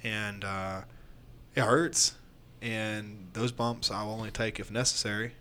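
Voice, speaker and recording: A man's voice: fairly low pitch, steady tone, takes it slowly, bright, forceful tone, slight background noise. A man, a pro wrestler, talking casually on a podcast in a rambling, candid way with plenty of fillers and restarts.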